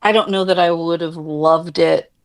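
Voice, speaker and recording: A woman co-hosting a podcast, with a somewhat low voice. She talks in a chatty, casual way, full of "like" and "um", and pokes fun at herself. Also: fairly even intonation, moderate pace. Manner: chatty, filler-heavy, self-deprecating. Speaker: podcast co-host. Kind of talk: casual chat.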